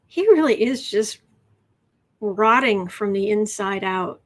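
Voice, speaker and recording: A woman's voice: medium pitch, animated, takes it slowly. A woman doing a casual tarot reading on a livestream, chatty and rambling, sometimes dropping into whispered asides. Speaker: tarot reader.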